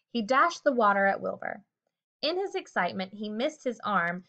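A woman narrating a children's book aloud with a steady, expressive reading. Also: on the high side. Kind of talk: storybook read-aloud. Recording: dull lo-fi recording.

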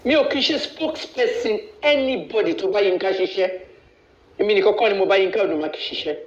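A Nigerian man hosting a live video rants bluntly and boastfully, switching freely between languages. He has a high-pitched voice and talks fast, and the live-stream audio is echoey and dull.

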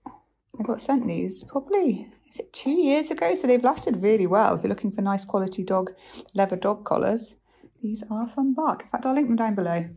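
A woman's voice: animated, moderate pace, warm tone, slight background noise. A woman vlogging casually, chatting and talking to her dogs, out of breath while walking outdoors. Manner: chatty, talks to her dogs in a high baby voice. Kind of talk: casual vlog chat.

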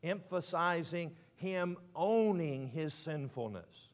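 Man, preacher, sermon, emphatic drawn-out words, quiet drops, slightly high pitch. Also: expressive.

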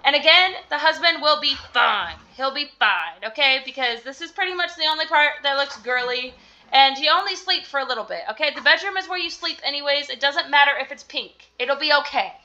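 A woman's voice: sits high, lively intonation, a little fast, sharp tone, muffled recording. A young woman vlogger giving casual, chatty commentary while playing a life-sim game, giggling and swearing when surprised. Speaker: gaming vlogger.

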